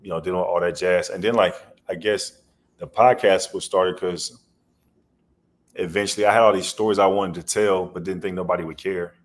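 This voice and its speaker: A man's voice: sits low, fairly even intonation, normal speed. A man guest on a podcast, telling rambling stories in a loose, slangy way. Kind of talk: casual storytelling interview.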